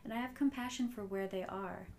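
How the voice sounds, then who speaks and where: A woman's voice: medium pitch, fairly quick, creaky, a little mellow, slight background noise. A woman hosting a solo motivational podcast, earnest and reflective, often repeating phrases for emphasis. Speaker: podcast host.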